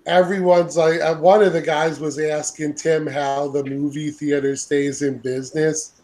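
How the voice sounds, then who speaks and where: Male podcast host, easygoing, rambling, slightly high voice, casual swearing. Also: flat delivery, measured pace, a little mellow. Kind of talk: casual panel chat over an online call.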